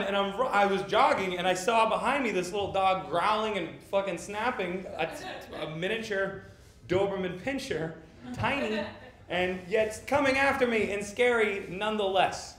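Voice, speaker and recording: A man doing stand-up in a small theater, telling absurd stories in a rambling, halting, deadpan way. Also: high voice. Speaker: stand-up comedian. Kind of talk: live stand-up set. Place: small theater stage before a live audience. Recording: echoey theater with audience laughter.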